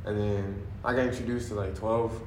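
Young guy mumbling short replies, low and flat, far from the mic, roomy echo. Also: moderate pace, slight background noise. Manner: quiet, brief, offhand remarks. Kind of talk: casual chat.

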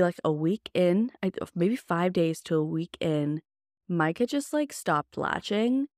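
A woman's voice: fairly low pitch, vocal fry, no echo. Candid young woman, dry close sound. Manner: candid, chatty, lots of "like" fillers. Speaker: podcast host. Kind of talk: casual personal storytelling.

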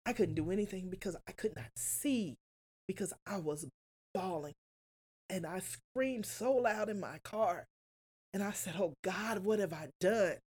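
Woman, confessional, close to tears, mid-pitched voice. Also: lively intonation, a little slow, darkish tone. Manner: earnest, confessional, often quotes herself. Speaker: guest. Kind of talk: emotional personal story.

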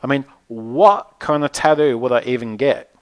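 A man reading a chatty, first-person storybook aloud with lively, animated delivery. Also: mid-range voice, moderate pace, dry recording. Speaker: narrator.

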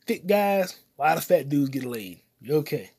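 A man hosting his own solo comedy podcast, cursing often and rambling while he eats popcorn, his voice swinging between loud outbursts and mutters. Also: big pitch swings, normal speed, vocal fry, breathy edge. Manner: profane, loud swings in volume and pitch; eating popcorn while talking. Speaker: podcast host.

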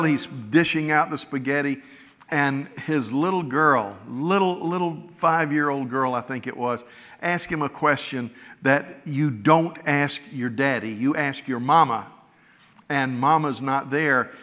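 A man's voice: mid-range voice, unhurried, bright, forceful tone. A middle-aged man preaching a sermon as a pastor, telling stories in a folksy, earnest, conversational way. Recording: long reverb of a large hall.

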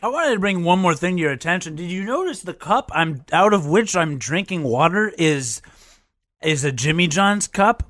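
A man's voice: sits high, expressive, normal speed, a bit bright, no room sound. A man co-hosting a casual podcast, teasing his partner and laughing often. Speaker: podcast co-host.

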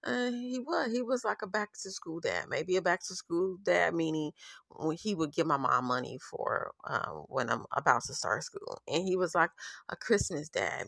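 A woman's voice: lowish voice, gravelly, a bit bright, no room sound, clean studio sound. A woman podcast host telling a personal story in a candid, profane, openly angry way.

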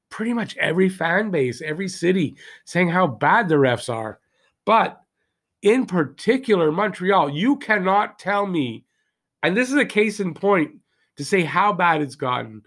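High-voiced, gravelly ranting podcast man. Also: fairly bright tone. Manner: heated, ranting, rhetorical questions to listeners. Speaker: podcast host. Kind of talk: solo hockey rant. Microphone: podcast mic, also filmed for video.

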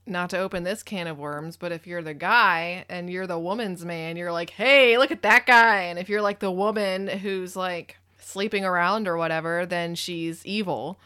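A woman's voice: fairly low pitch, steady tone, moderate pace, few pauses, fairly bright tone. A woman co-hosting a casual podcast chat, adding examples and pushing back on points. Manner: chatty, adds examples and objections. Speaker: podcast co-host.

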